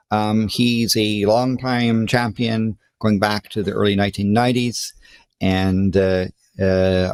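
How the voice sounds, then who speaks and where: A man from the United States co-hosting a contest presentation, talking casually with many ums, restarts and repeated words over a video call. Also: on the low side. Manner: hesitant, many fillers and restarts. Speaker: contest co-host.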